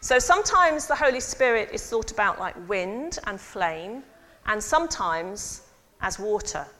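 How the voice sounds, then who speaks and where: A woman priest giving a lively sermon and involving her congregation. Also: mid-range voice, measured pace. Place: church. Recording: long church reverb.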